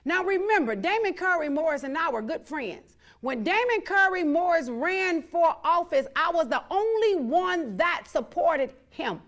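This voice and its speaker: A woman's voice: extremely high pitch, expressive, a little slow, few pauses, a bit bright. A woman hosting her own show, speaking in a blunt, defiant monologue full of repeated, emphatic declarations. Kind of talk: outspoken monologue to viewers.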